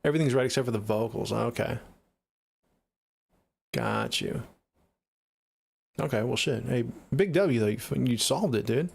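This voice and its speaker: A young man with a Seattle accent talks casually on his livestream, answering viewer comments. His voice has a gravelly, creaky edge at an ordinary pitch. He jokes and swears in an easygoing, offhand way. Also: expressive, quick pace, few pauses, darkish tone. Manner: laid-back, profane, joking. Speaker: livestreaming music producer.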